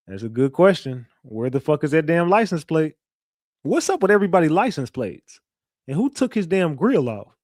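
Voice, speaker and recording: A man's voice: a little high, big pitch swings, a little slow, pauses often, a little mellow, dry recording, studio quality. A man hosting a casual livestream, talking loosely and profanely, repeating himself and reading viewer messages aloud. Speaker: livestream host.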